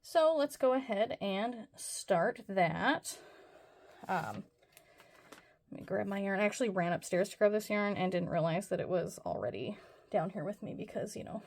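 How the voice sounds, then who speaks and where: A woman hosting a casual crochet tutorial, talking through each step in a rambling, self-deprecating way with plenty of fillers. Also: medium pitch.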